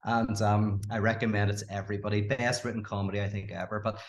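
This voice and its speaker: A man talking in a casual podcast conversation as a philosopher guest, animated, often laughing and restarting his sentences. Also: fairly low pitch, quick pace.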